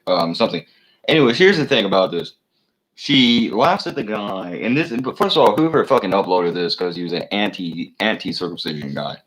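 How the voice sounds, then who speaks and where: A man with a deep, low voice rants on his own channel, cursing freely and circling back on himself. He stumbles through fillers and restarts as he talks. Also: a bit bright, rough recording. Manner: profane, meandering, many fillers and restarts. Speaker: channel host. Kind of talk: rambling solo rant.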